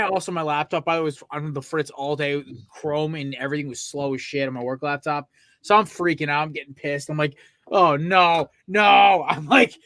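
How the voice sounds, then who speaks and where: A man hosts a casual sports podcast, speaking on the higher side for a man with a bright, forceful tone. He tells stories excitably and swears freely, piling on asides, and his voice sounds dry and close. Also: no room sound. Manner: excitable, profane storyteller with frequent asides. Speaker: podcast host.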